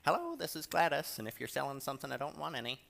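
A man's voice: a little high, very animated, very fast, creaky, fairly bright tone, voice pushed up, heavily acted. A man voicing a grumpy woman who brushes off telemarketers in a curt, dismissive way.

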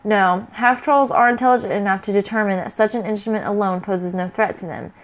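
A woman's voice: medium pitch, fairly even intonation, fairly quick, natural voice, rough recording. A woman voicing a dry, confident male elf tracker who speaks matter-of-factly. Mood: curt. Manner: matter-of-fact, curt.

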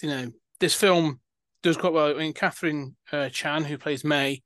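Chatty man, higher voice, dry sound. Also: steady tone, moderate pace, fairly bright tone, no echo. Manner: chatty, rambling with many fillers and restarts. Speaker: podcast host. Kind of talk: casual film-review chat.

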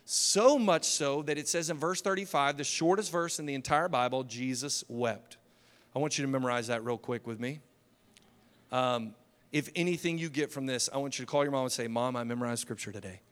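A man's voice: mid-range voice, brisk. Impassioned male pastor in a reverberant hall. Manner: impassioned preaching, swinging from loud to hushed. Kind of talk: sermon. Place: church hall.

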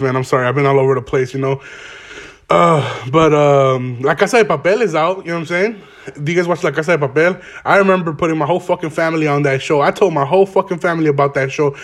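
A young man talks through his solo podcast from home in a loose, rambling way, heavy on profane slang. He is stoned and smoking as he goes, and his voice sits slightly higher than most men's. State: stoned, smoking while talking. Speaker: podcast host. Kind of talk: casual solo podcast rant. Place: home, garage.

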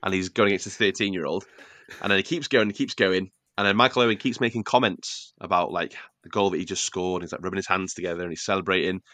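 A man's voice: low voice, fairly even intonation, fast talker, pushed and bright, no echo. A young man from North Wales, a podcast co-host, telling football anecdotes in casual chat and acting out the quotes. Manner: storytelling, acts out quotes.

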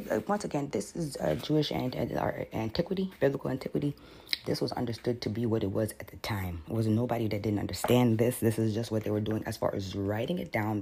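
A man's voice: lowish voice, gravelly, a little mellow, a little hiss or hum. A man teaching on a podcast in a casual, rambling way, often repeating words and reading passages aloud.

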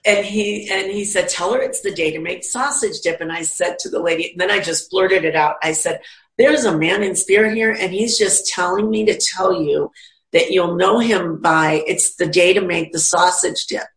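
A woman talking about her work as a medium, with a slightly low voice. She tells stories in a relaxed, chatty way and jumps into quoted voices with lively energy. Her voice carries a noticeable echo from the room. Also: normal speed. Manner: animated, acts out quoted voices. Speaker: psychic medium and teacher. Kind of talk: casual storytelling in a conversation.

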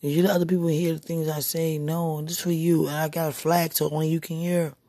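A woman speaking an intimate spoken monologue, breathy and husky, often dropping into whispers and sighing exclamations. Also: low voice, flat delivery, brisk, dark tone, dry recording, clean studio sound. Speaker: podcast speaker.

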